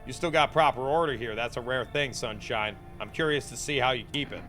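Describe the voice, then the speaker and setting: A man's voice: mid-range voice, brisk, a bit bright, faint music behind, close to an everyday voice. A man doing a cocky British drifter. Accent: put-on British. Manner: cocky slangy tough-guy talk. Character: swaggering rough British male drifter, cocky.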